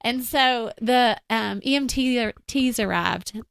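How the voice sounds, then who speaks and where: A woman speaks as a guest in an interview and recounts a personal story. She is earnest and reflective, with casual fillers. Her voice is smooth and resonant, and the recording is close and dry. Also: fairly high pitch, slow, a bit bright, no echo.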